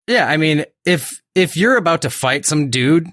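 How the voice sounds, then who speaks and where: A man co-hosting a podcast, tossing out quick deadpan jokes in casual chat. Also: a little high, no room sound, studio quality. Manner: wisecracking, quick deadpan quips. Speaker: podcast co-host.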